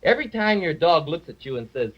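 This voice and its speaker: A man's voice: fairly high pitch, sing-song, quick pace, fairly bright tone. A good-natured, boastful dragon puppet, rattling off salesman patter with chuckles. His voice swoops up and down freely. The sound is dull and lo-fi, like an old 1950s TV broadcast. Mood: chatty salesman. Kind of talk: 1950s live TV puppet comedy.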